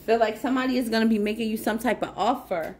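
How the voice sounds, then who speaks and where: A woman's voice: a little high, fast talker. A woman giving a casual spiritual tarot reading, effusive and encouraging, repeating phrases for emphasis. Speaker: tarot reader.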